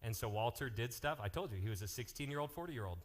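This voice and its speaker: An energetic man running a youth group, cracking jokes and jumping from topic to topic. His pitch sits in the middle of the male range. He speaks to a live room of teens. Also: fast talker. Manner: energetic, joking, jumps between topics. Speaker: youth pastor. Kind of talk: live youth ministry announcements and storytelling.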